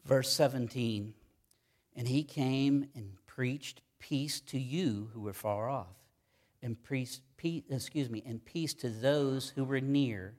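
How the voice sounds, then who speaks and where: A male pastor delivers a sermon in an emphatic, repetitive style. He drives points home by saying them twice and slows right down when reading scripture aloud. His voice sits at an ordinary middle pitch for a man. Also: a little mellow. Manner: emphatic, repeats key phrases, reads scripture slowly.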